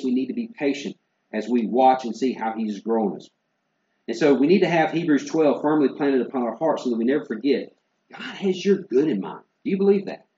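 A man pastor preaching an earnest sermon, building to emphatic lists and dropping to quiet asides. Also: medium pitch. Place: church sanctuary. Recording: roomy, slightly dull church sound.

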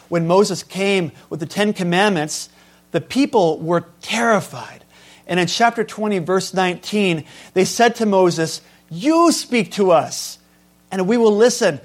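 A man preaching with a high, light voice. He hits key words hard and then falls back to a hush. The sermon moves between force and calm. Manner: emphatic, swings between loud stresses and quiet asides. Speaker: pastor.

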